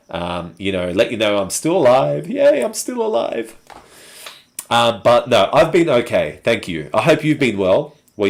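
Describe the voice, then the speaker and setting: Hosting a laid-back live chat stream, this Australian man has a mid-range voice. His talk to viewers rambles easily and is packed with filler words.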